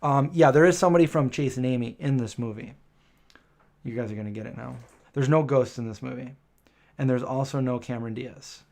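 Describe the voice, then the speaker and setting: Streamer host, male, mid-range pitch: casual, rambling, hesitant live-chat delivery. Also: fairly quick, gravelly, a little mellow. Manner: chatty, rambling, lots of um and self-correction.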